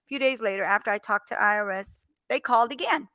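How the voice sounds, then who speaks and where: A woman chatting casually, telling a story with lively acted-out phone dialogue. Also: a little high, quick pace, no room sound. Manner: animated storyteller, acts out phone calls. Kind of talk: casual chat.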